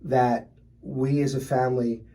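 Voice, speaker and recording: A man's voice: mid-range voice, measured pace. A middle-aged man, telling stories in a casual interview as a restaurant owner and guest, acting out the customers he describes. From Philadelphia. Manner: animated, acts out customers in his stories.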